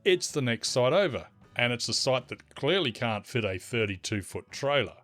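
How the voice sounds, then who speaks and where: Casting: wry male storyteller, lively and animated in pitch, teasing asides. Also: moderate pace. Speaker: story narrator. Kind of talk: scripted narration of an online forum story. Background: faint music.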